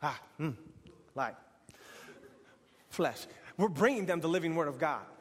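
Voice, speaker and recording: A man's voice: on the high side, lively intonation, measured pace, long reverb tail. A man preaching an earnest sermon in repeated, building phrases. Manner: earnest, repetitive, building to exhortation.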